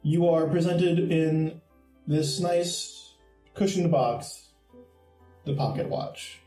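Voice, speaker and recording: A man narrates as game master, setting each scene in a laid-back, descriptive way. His voice is mellow and fairly high. The room is echoey. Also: steady tone, slow pace, soft background music.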